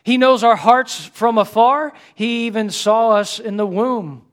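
Speaking a little slowly in an extremely high-pitched voice, a middle-aged pastor delivers a lively sermon that swings from booming exclamations to quiet, hushed passages.

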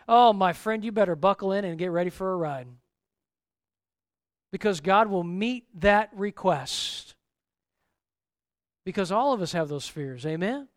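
A male pastor preaching a sermon, animated, acting out the lines of the Bible's figures. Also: sits high, moderate pace, long pauses, dry recording, clean studio sound.

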